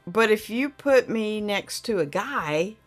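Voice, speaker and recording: A woman's voice: medium pitch, expressive, takes it slowly, faint music behind. A middle-aged woman, hosting a casual livestream chat and reading viewer comments aloud in a rambling, friendly way. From Oklahoma.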